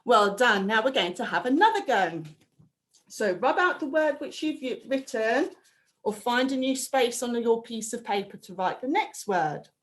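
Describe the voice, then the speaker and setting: A woman teaching a phonics lesson to young children, prompting them with slow, clear, drawn-out sounds. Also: on the high side, expressive. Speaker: primary school teacher.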